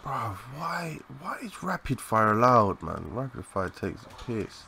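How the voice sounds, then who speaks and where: A young man giving live, excitable commentary over a shooter game, swearing and chatting in slang. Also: medium pitch, measured pace, gravelly, background noise. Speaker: gaming commentator.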